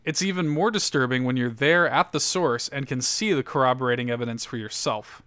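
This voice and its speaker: A man's voice: medium pitch, a little fast, fairly bright tone, smooth, no room sound. A man hosting a casual podcast, reading an article aloud with lots of laughter and loose, profane storytelling. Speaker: podcast host.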